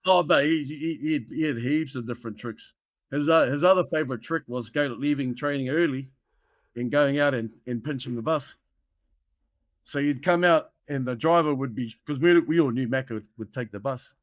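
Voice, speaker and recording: A man's voice: medium pitch, normal speed, no room sound, clean studio sound. Rambling New Zealand storyteller man. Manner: rambling anecdotal storyteller, peppered with "mate". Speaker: guest, former rugby player. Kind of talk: casual storytelling.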